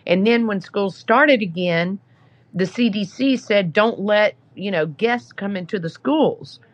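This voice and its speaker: A woman's voice: mid-range voice, unhurried. A woman guest on a podcast, telling a story in a casual, chatty way with many fillers. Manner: chatty, lots of "you know" fillers. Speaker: podcast guest, app founder.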